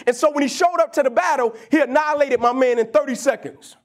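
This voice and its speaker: A man's voice: very high voice, fast talker, hardly any pauses. A man giving a motivational talk, retelling a story in casual slang with rhetorical questions. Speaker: motivational speaker.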